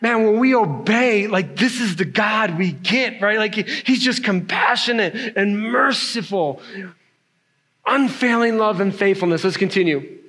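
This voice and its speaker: Pastor, man, high-pitched voice, animated emphatic sermon delivery, keeps tagging lines with a question. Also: normal speed. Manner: animated, emphatic preaching with frequent "right?" tags.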